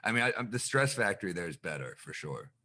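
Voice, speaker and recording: Low-voiced man telling a profane story. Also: fast talker. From New York. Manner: animated, profane storyteller who acts out exchanges. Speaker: comedian guest. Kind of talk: casual storytelling on a podcast.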